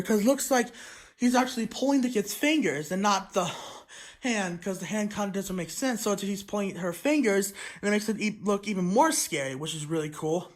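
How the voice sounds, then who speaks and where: Excitable vlogger reviewing toys, rambling delivery, mid pitch, frequent throat clearing. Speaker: toy reviewer. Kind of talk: casual review vlog.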